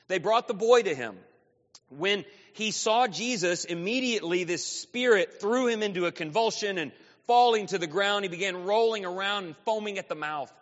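High-voiced man preaching in an echoing hall. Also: a little fast. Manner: preaching with sudden swings between loud and soft. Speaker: pastor. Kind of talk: sermon. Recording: dull sound with long reverb in a hall.

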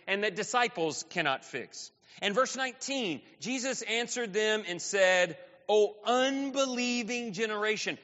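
A male pastor preaching a sermon. His voice swings from loud to soft within a breath. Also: high-pitched. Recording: dull sound with long reverb in a hall.

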